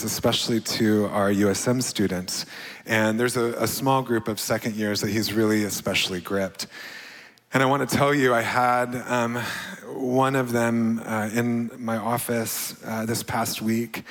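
A man preaching as a pastor, casual and halting with many fillers and laughs between words. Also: mid-range voice, a bit bright. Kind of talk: sermon. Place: large church hall. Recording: long hall reverb.

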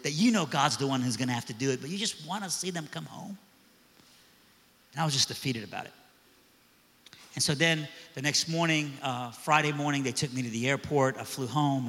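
Bright-voiced preacher man in a big hall. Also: mid-range voice. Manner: animated, acts out quoted voices. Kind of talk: sermon storytelling. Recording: long reverb of a large hall.

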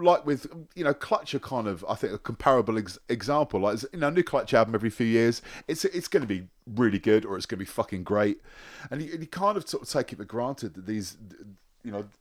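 A man as a podcast guest, talking in a rambling, halting way and swearing often. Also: medium pitch. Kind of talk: casual chat.

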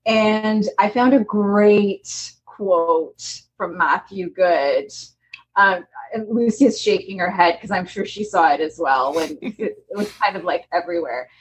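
A woman's voice: mid-range voice, a little slow, a little hiss or hum, low-quality recording. A woman co-hosting a casual podcast, talking emphatically and laughing often. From Canada. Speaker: podcast co-host. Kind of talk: casual chat.

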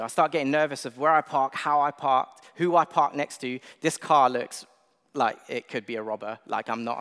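A young man preaching a sermon in a relaxed, conversational and self-deprecating way, with plenty of filler words. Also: medium pitch, clear, resonant tone. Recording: long reverb of a large hall.

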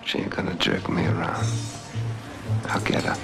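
An actor playing a bitter, fatalistic middle-aged cop who mutters his resentment in a gruff voice, heard in a film clip. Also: sits low, normal speed. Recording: film clip with music behind.

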